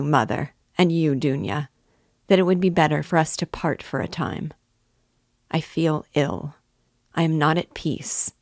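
Give me a woman doing a withdrawn, feverish young man, slow and grave. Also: sits low, a little mellow, dry recording, studio quality.

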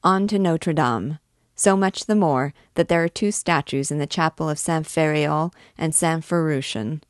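Woman voicing an eager vagrant jeweler, rousing, low voice. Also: moderate pace, no room sound, clean studio sound, natural voice. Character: boastful male jeweler among vagrants.

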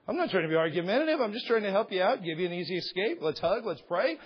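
A pastor preaching, telling a story with sarcastic humor and animated voices. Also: male voice, sits high, fast, few pauses, slightly rough. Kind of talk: sermon storytelling. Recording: dull lo-fi sound.

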